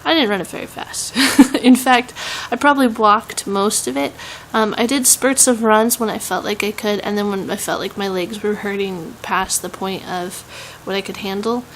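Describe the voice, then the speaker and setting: A woman's voice: medium pitch, normal speed, few pauses, a little hiss or hum, low-quality recording. A young woman with a Southern US accent, chatting casually in a home vlog, rambling with many "um"s and laughs. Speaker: vlogger.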